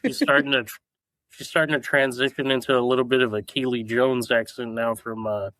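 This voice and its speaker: Chill co-host with a bright tense edge, dry close sound, easygoing chat. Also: mid-range voice, little pitch movement, a little fast, no room sound, poor audio. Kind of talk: casual podcast chat.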